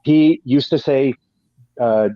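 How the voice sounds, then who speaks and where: A man's voice: mid-range voice, slow pace, dry recording, highs cut off. A man from Canada, a guest telling long profane stories in casual chat, with many restarts. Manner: profane, rambling, frequent restarts.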